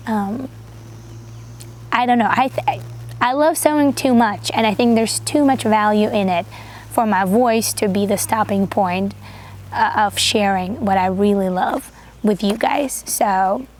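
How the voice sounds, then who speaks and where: A woman of thirty hosting a sewing channel, with a high, unusual voice that some call squeaky, chatting earnestly with lots of fillers and restarts. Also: measured pace, a little mellow, slight background noise. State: voice getting tired and groggy. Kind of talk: casual chat to camera.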